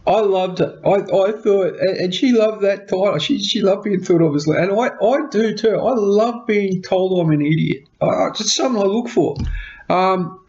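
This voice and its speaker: A man's voice: high voice, moderate pace, a little mellow. A passionate young Australian man with a stammering, heartfelt way of talking, telling his own story in a personal vlog. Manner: passionate, stammering, tearful at times. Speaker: vlogger. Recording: dull lo-fi sound.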